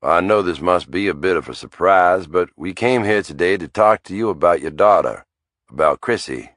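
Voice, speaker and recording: Audiobook role: male narrator doing a pushy but affable middle-aged Southern lawyer, cultured and smooth, low and dry. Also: animated, normal speed, fairly bright tone, no echo. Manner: polite and insistent.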